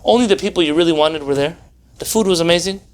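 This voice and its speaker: A rabbi leads an informal Torah class in a high, bright voice. He keeps tossing rhetorical questions at his listeners and slips in dry, sarcastic humor. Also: fast talker. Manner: animated, full of rhetorical questions.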